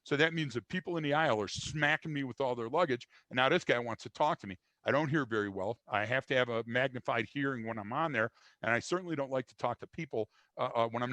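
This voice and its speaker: A man's voice: mid-range voice, a bit bright, no room sound. An older man from the United States, a guest in an interview, talking bluntly and emphatically with frequent restarts and fillers. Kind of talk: conversational interview.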